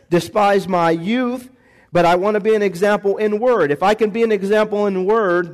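A male pastor preaching a sermon in a church on a microphone, calling for responses from the congregation and shifting pace and volume. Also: high-pitched.

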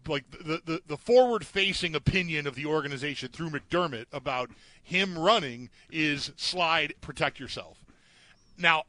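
A man's voice: fairly high pitch, sharp tone, no echo. A man co-hosting a sports talk show, chatting casually, often restarting and trailing off as he acts out what players might say. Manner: hesitant, trailing off, acts out quotes. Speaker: sports podcast co-host.

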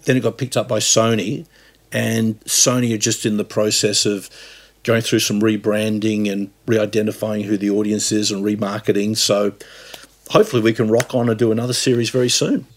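Husky middle-aged Aussie guy, chatty and animated podcast guest. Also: fairly low pitch, moderate pace. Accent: Australian. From Australia. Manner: animated storyteller, repeats words. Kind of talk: casual chat.

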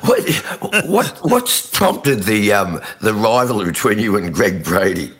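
A man's voice: on the low side, big pitch swings, slow pace, a bit bright. A man hosting a talk show, asking short questions to prompt his guest's stories. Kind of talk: casual interview.

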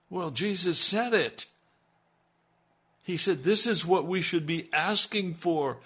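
A man preaching an impassioned radio sermon as pastor, swinging between loud emphasis and hushed, intimate lines. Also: a little high, expressive, unhurried, husky.

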